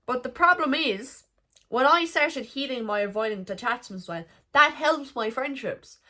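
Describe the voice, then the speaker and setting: A woman's voice: high-pitched, animated, normal speed, bright, forceful tone. A young woman vlogging a frank, emotional confessional monologue, swearing freely as she talks.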